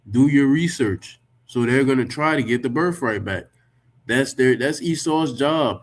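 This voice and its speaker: A man rebutting a text he reads aloud, talking emphatically, swearing freely and firing off rhetorical questions. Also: medium pitch. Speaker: religious commentator. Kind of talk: reacting to and rebutting a written text.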